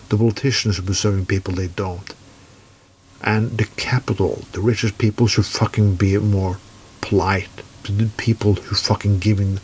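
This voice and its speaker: A man's voice: fairly low pitch, a little mellow, a little hiss or hum. A man from Norway with a Norwegian accent, giving a furious political rant full of swearing. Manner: heavy swearing, furious and blunt.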